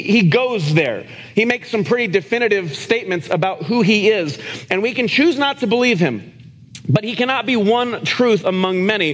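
A man preaching a sermon as pastor, in an earnest, conversational and self-deprecating way, often restarting his sentences. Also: high voice. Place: church sanctuary. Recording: long reverb of a church hall.

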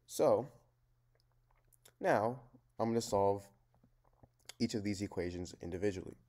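A man works through a math problem step by step in a low voice. He sounds mellow and unhurried, plain and methodical, much like a tutor explaining a worked example at his desk.

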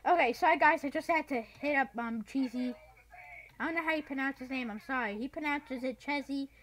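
A woman hosting a gaming channel, giving excitable gameplay commentary that breaks into yells and shrieks and is full of "dude". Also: high voice, fast talker, slight background noise.

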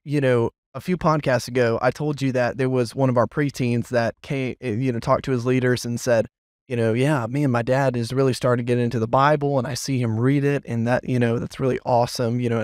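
A man's voice: mid-range voice, dry recording, studio quality. A man, a children's pastor, telling a story with many fillers in a casual podcast chat. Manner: animated storyteller, lots of fillers.

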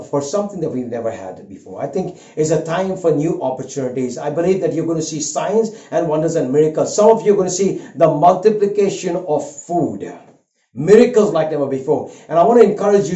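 An older man preaching a sermon, an earnest and animated storyteller who weaves a personal story into his message. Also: a little high. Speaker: pastor. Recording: roomy, dull lo-fi sound.

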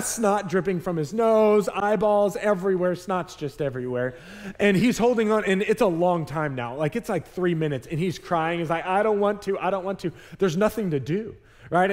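Pastor, man, 30s, animated sermon storyteller, slightly high voice. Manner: animated storytelling, acts out his kids' voices.

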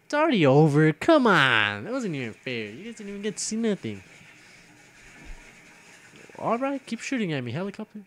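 A man's voice: high voice, huge pitch swings, moderate pace, long pauses, a bit bright, no room sound. A young man giving casual gameplay commentary as host of his own video series. He jokes, grumbles and trash-talks at other players.

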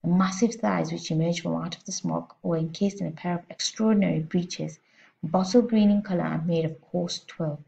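A woman teacher reading a children's storybook aloud with expressive, steady narration, heard on a slightly muffled lo-fi recording. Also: on the low side, normal speed, creaky.

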